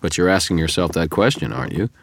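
A man voicing a calm, knowing male double of the hero, probing and wry, in an audiobook. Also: deep voice, quick pace, no room sound. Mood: coaxing. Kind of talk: audiobook character reading.

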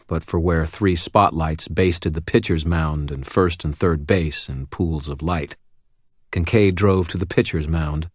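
Deep-voiced male audiobook narrator. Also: darkish tone, no echo, studio quality. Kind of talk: first-person audiobook narration.

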